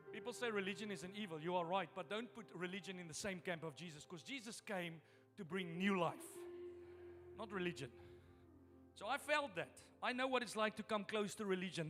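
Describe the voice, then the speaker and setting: A man's voice: sits high, big-room sound. A man preaching a sermon as pastor, repeating phrases for emphasis as his intensity rises. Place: church sanctuary.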